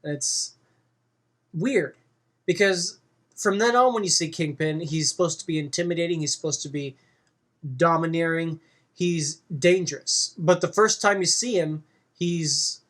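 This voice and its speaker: A movie reviewer giving a casual spoken review, rambling and halting with frequent fillers. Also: mid-range voice, a bit bright.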